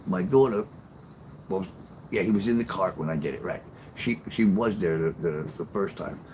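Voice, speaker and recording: A man's voice: deep voice, moderate pace, darkish tone, a little hiss or hum, rough recording. An older man telling stories and chatting casually with viewers on a livestream, blunt and profane. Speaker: livestream host.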